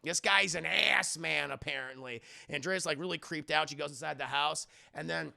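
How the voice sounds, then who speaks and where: A man's voice: fairly high pitch, normal speed, vocal fry, pushed and bright. A young man streaming a profane, rambling recap of a movie, talking straight to his live chat.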